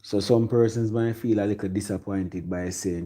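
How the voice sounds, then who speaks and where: A man's voice: lowish voice, fairly quick, few pauses, dark tone, rough recording. A Jamaican man giving a rambling, casual music commentary that mixes patois with English. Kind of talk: casual chat.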